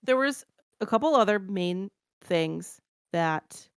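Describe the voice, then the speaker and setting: A woman co-hosting a podcast, with a fairly low, smooth, resonant voice. She talks in a relaxed, wry way and often chimes in with short agreements, and the recording is close and dry. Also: moderate pace, no echo. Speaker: podcast co-host. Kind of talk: casual chat, book review.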